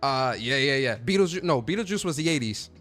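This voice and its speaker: A man in a casual livestream chat, chatty and slangy, his voice jumping up and down as he gets excited. He sits at a middle pitch, and soft music plays underneath him. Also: a little fast. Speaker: podcast host.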